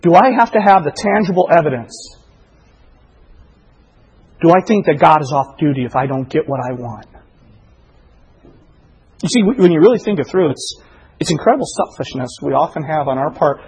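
A middle-aged man preaching a sermon, impassioned, rising to loud emphatic delivery full of rhetorical questions. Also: a little high, big pitch swings, normal speed, husky, low-quality recording. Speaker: pastor.

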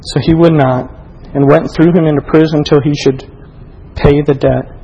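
A man preaching a sermon. He swings between loud, emphatic reading and soft, close appeals, and asks his listeners many direct questions. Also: fairly high pitch, steady tone, normal speed, husky, long reverb tail, highs cut off.

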